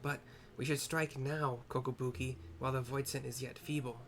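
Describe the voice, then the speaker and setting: A man's voice: mid-range voice, level tone, normal speed, a bit bright, a little hiss or hum, natural voice. Man reading an urgent small mage. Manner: urgent, resolute.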